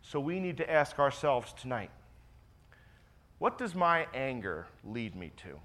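A man preaching a sermon as pastor, stressing key phrases by repeating them and dropping into quiet confessional asides. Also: medium pitch, very animated, unhurried.

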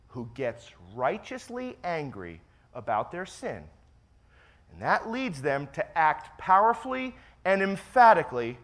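A male pastor delivering a sermon with a bright, forceful tone. His pitch swings widely as he hammers home repeated phrases, then falls into hushed asides. He sits slightly high for a man. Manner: emphatic preaching, repeats key phrases, drops to quiet asides.

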